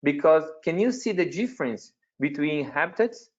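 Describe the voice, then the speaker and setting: A Brazilian man with a Portuguese accent presents his veterinary work to a webinar audience. He speaks haltingly, searching for words and putting questions to the listeners. His voice comes through a dull, lo-fi call line. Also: on the high side, lively intonation. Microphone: computer mic on a video call.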